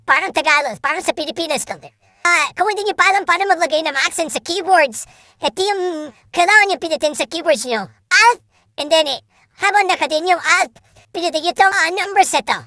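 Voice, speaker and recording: A woman walks through a lesson step by step, switching between Tagalog and English. Her voice is very high and bright. The recording is dry and close. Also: no echo. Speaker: lesson explainer. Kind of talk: casual language lesson.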